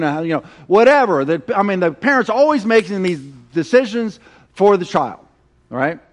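A middle-aged man preaching a sermon, telling stories with animated, acted-out quotes. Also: sits high, normal speed. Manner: animated storytelling, acting out quoted voices. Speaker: pastor.

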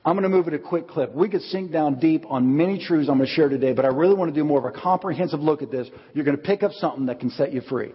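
A man preaching a sermon as pastor, telling stories with lively acted-out quotes. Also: fairly high pitch, fast talker, hardly any pauses, slightly rough. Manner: animated storytelling, acts out quotes. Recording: dull audio with long hall reverb.

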